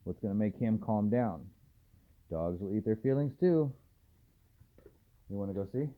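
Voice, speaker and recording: A man, a dog trainer, filming a casual vlog at home at night and softly murmuring to calm his dogs between remarks to the camera. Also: fairly low pitch, measured pace. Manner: soft, soothing murmurs to the dogs. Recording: tinny phone-like audio, faint hiss.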